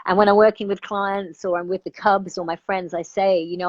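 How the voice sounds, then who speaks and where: A woman's voice: mid-range voice, steady tone, fairly quick, hardly any pauses, dry recording. Earnest woman coach on a dull, dry call. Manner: earnest, reflective, thinks aloud with many "you know"s. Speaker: life coach and podcast guest. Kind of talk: reflective interview conversation.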